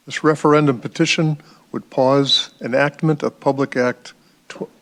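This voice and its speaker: A man chairing a public board meeting, reading formal text aloud and addressing speakers courteously. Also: mid-range voice.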